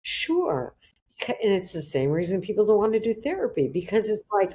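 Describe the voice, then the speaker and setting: Woman, podcast guest, casual chat, mid-pitched voice, emphatic, dramatizes quotes. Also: big pitch swings, moderate pace, warm tone, a little hiss or hum. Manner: emphatic, acts out quotes with big pitch swings.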